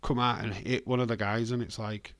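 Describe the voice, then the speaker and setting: A man's voice: fairly low pitch, little pitch movement, fairly quick, dry recording. A British man hosting a live watch-along, giving casual, blunt commentary and swearing freely. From Britain.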